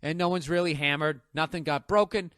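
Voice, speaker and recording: A man's voice: fairly high pitch, brisk, a bit bright, dry recording, studio quality. Profane ranting man in his forties. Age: 40s. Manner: profane, ranting, mimics others in bits. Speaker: stand-up comedian. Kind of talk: stand-up comedy storytelling.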